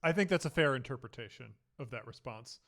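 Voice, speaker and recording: A man narrating as game master in a tabletop game, halting with many fillers. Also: mid-range voice, animated, a bit bright.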